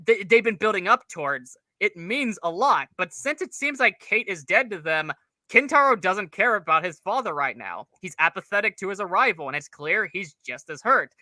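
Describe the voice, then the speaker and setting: A man's voice: high voice, big pitch swings, moderate pace, bright, forceful tone, no room sound. A man co-hosting a casual show review, analytical and rambling, with the odd curse. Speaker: co-host reviewer.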